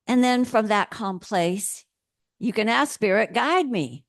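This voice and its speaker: A woman minister giving a sermon in a gentle, playful way, laughing often. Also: mid-range voice, a little slow, no room sound, studio quality.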